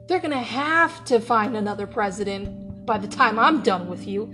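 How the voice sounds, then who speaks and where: A woman's voice: fairly high pitch, lively intonation, normal speed, over music. Fired-up woman ranting on a podcast. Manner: heated, profane, swinging between yelling and laughing. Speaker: podcast host. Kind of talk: opinionated podcast rant. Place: at her workplace.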